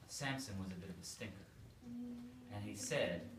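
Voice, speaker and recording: A man, a priest, telling a story to children in a playful, animated way. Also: on the low side, moderate pace, long pauses. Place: church hall. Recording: echoey room, far from mic, faint noise.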